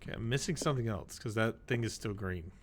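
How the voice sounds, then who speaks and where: A man streaming a game, chatting casually and slowly reading in-game text aloud with joking asides. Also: lowish voice, background noise. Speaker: let's play streamer. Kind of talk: casual gameplay commentary.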